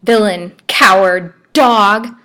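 A woman playing a proud young heroine held captive in a storybook, impassioned and pleading, her voice on the low side for a woman. She swings between desperate appeals and fiery defiance. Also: moderate pace, close to an everyday voice. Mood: defiant fury. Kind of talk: storybook reading.

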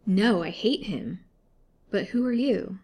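A woman voicing a gentle, earnest young woman held captive, in a storybook reading. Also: mid-range voice, expressive, slow pace, husky, full character voice.

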